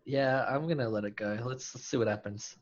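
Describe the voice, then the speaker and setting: A man's voice: medium pitch, fairly quick. A man in casual game talk, loose and rambling as he sorts out his rolls. His voice sits in a middle register. It comes through a dull, lo-fi mic. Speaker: player. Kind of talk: casual tabletop game chat.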